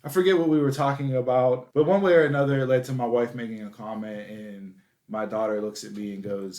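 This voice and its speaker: A man in his thirties co-hosting a casual podcast, telling stories in an animated way that climbs in excitement at the punchlines. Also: on the low side, fairly quick. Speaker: podcast co-host.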